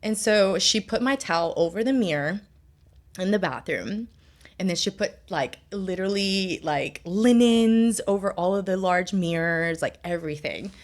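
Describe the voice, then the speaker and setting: A woman's voice: mid-range voice, moderate pace. A young adult woman telling a personal story as a podcast guest, candid and conversational, with many "like" fillers. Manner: candid, heavy use of "like" fillers.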